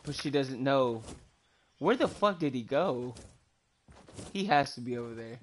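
A man's voice: mid-range voice, expressive, unhurried, slight background noise. A young man doing profane, joking commentary and mock narration over gameplay. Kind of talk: comic gameplay fan dub commentary.

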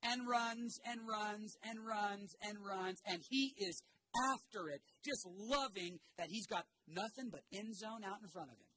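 At a measured pace, a high-voiced pastor animatedly narrates a story during a sermon in a church sanctuary, tossing in shouted asides and prompting the congregation to repeat phrases. A little hiss or hum runs through the low-quality recording.

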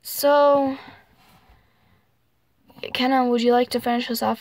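A woman's voice: high voice, fairly even intonation, takes it slowly, pauses often, a little mellow, dry recording. A young woman hosting a casual home vlog, talking in a rambling way with fillers, trailing off and small giggles. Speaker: channel host.

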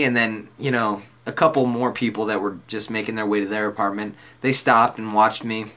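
A man's voice: lowish voice, fairly even intonation, normal speed, hardly any pauses, bright, forceful tone. Laid-back young man telling a rambling story. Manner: rambling, loose and slangy, lots of "like" and "dude". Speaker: vlogger telling a personal story. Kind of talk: casual storytelling.

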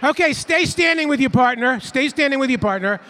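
Heavy background noise surrounds a man giving a playful interactive keynote, where he has the audience in a large conference hall count in call-and-response. His very high voice has lively intonation and a brisk pace.

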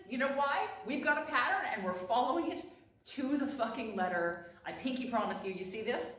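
A woman's voice: fairly high pitch, lively intonation, fairly quick, fairly bright tone. A woman vlogging about sewing in a casual, comedic way, profane, sarcastic and mock-dramatic. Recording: echoey room from a distance with faint noise.

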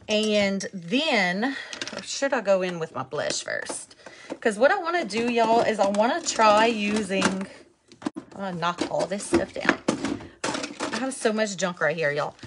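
Woman, thick Cajun accent, friendly live makeup vlogger, mid pitch. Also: noisy background. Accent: Cajun Louisiana. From Louisiana. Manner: chatty, talks to viewers, reads out comments. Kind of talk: chatty live makeup tutorial.

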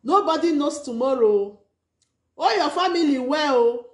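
Nigerian pidgin woman, high voice, emphatic, preachy, echoey room. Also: animated, unhurried. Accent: Nigerian Pidgin English. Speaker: vlogger and live-stream host. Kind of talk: casual live-stream commentary.

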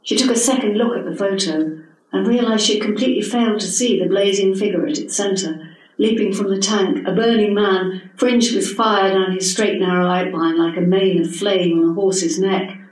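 A woman, reading her own story at a literary event in a measured, expressive way. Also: mid-range voice. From England. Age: 70s. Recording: echoey hall from a distant mic.

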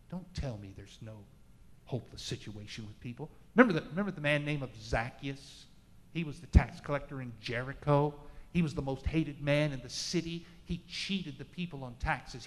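Impassioned preacher in an echoing hall. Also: male voice, mid-range voice, brisk, slight background noise. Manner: impassioned, with dramatic swings from loud to hushed. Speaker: pastor. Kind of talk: sermon. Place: large church sanctuary. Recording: echoey church hall.

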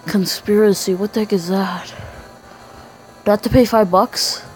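A man's voice: sits high, steady tone, normal speed, soft background music, low-quality recording. A young male gamer with a sick, congested voice, chatting aimlessly to viewers while playing. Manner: rambling, chatty asides to viewers. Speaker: gaming channel host. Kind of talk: let's-play game commentary.

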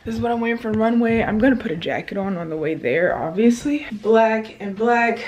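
A young woman chatting to her camera through her day, at home and then driving in her car, animated and talkative. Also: a little high, normal speed, hardly any pauses, a little hiss or hum. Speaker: vlogger. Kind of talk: casual vlog chat. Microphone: handheld camera.

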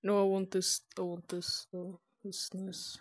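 A woman's voice: medium pitch, completely flat delivery, unhurried. A woman streaming live gameplay, casual and profane, muttering to herself as she plays.

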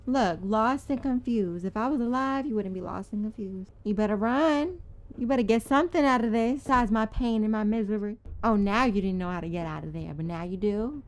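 A young woman streaming a game with friends. She is loud, dramatic and playful, and she laughs a lot. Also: mid-range voice, a little fast, poor audio. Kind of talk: casual gaming chat with friends.

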